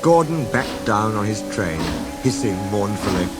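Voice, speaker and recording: A man narrating a children's storybook with a measured, expressive reading. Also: fairly low pitch, poor audio. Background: music.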